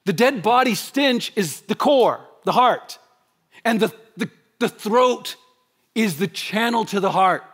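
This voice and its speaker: Higher-voiced man preaching with loud-quiet swings. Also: slow pace. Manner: animated preaching, rhetorical questions, swings between loud emphasis and hushed quiet. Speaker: pastor. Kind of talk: sermon. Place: church sanctuary.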